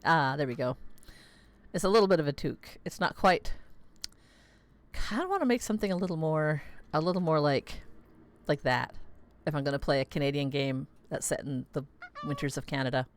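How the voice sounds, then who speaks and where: A woman's voice: low voice, fairly quick. A woman streaming a game, chatting casually and rambling with lots of fillers and laughter. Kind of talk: casual gaming livestream chat. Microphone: close desk mic.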